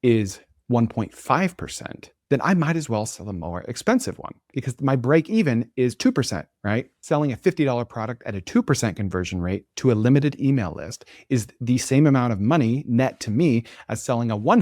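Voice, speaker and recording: A man's voice: medium pitch, sing-song, fairly quick, hardly any pauses, darkish tone, dry recording, studio quality. Self-assured man thinking aloud. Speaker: podcast host and entrepreneur. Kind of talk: casual screen-share monologue.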